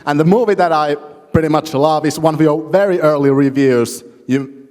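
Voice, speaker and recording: A man from Finland takes the audience mic, his somewhat high voice relaxed and a little halting. Long hall reverb trails each phrase. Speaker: audience member asking a question. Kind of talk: casual chat.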